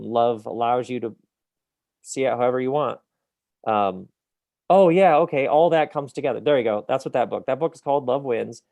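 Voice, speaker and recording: A middle-aged man with a gravelly, creaky edge to his voice chats as an author in an interview. He is animated and reflective, often laughing at his own points. He is recorded close and dry, with no room sound. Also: medium pitch, no echo. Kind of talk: casual interview conversation.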